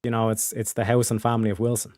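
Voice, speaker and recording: A man's voice: on the low side, monotone, quick pace, darkish tone, no room sound, studio quality. A man chatting casually as a streamer host, rambling with lots of fillers, restarts and casual swearing. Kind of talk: casual chat.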